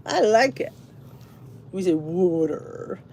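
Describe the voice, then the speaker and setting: Very animated at a normal speed, her mid-range voice is a little mellow, with slight background noise behind it. She's a middle-aged podcast host from the Philadelphia area with a Philly accent, casually rambling to viewers and frequently restarting or digressing.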